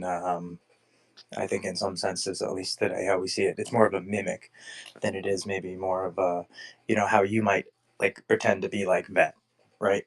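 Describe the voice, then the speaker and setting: A man with a lowish voice talks through his points in a relaxed, meandering way. He stacks up hypothetical examples, restarts his sentences, and fills the gaps with ums and you-knows. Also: gravelly. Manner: rambling, many restarts and fillers. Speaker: podcast host. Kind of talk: casual discussion.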